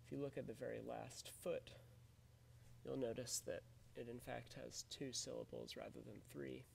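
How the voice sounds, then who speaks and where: Man, teacher, gravelly voice, methodical, explaining poetry. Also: medium pitch, flat delivery, normal speed, a little hiss or hum. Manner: methodical, explanatory, often says "in fact". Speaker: literature teacher. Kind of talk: recorded lecture on poetry.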